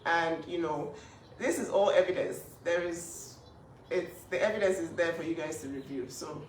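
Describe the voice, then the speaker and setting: Amid a noisy background, a woman with a lowish voice speaks up for her younger sister at a moderate pace. Her emotional vlog talk is indignant and emphatic, full of repetition, recorded in an echoey room with a distant mic.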